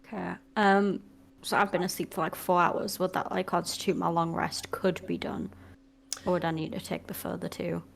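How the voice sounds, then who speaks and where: A young woman in a tabletop game session. She talks in a casual, playful way and delivers her jokes deadpan. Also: fairly low pitch, normal speed, gravelly, slight background noise. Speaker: player.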